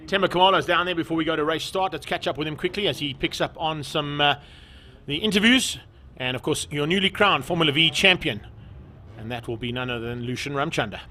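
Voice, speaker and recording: A man's voice: a little fast, bright, forceful tone. A man giving live motorsport commentary, lifting his voice when the race gets going. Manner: rises in pitch and volume when the racing starts.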